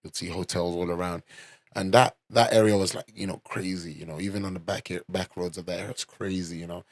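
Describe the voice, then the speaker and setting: A man's voice: sits low, steady tone, brisk, dry recording. London man telling a loose, swearing story. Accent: London English. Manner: loose and swearing, full of "like" and "you know". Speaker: podcast host. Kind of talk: casual storytelling chat.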